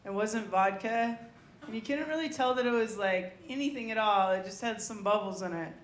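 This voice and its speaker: A woman's voice: medium pitch, moderate pace. A woman at an open mic, telling stand-up stories in a chatty, rambling way and asking the crowd questions. Her voice sits in a middle range and carries through a roomy, echoey club. A faint hum of noise sits under her. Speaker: stand-up comedian. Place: comedy club stage.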